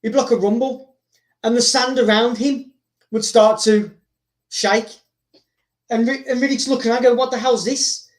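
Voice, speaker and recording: A man hosting, rambling excitedly through a story told casually, with frequent repeats and restarts. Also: very high-pitched, unhurried, long pauses. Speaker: host. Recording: roomy echo.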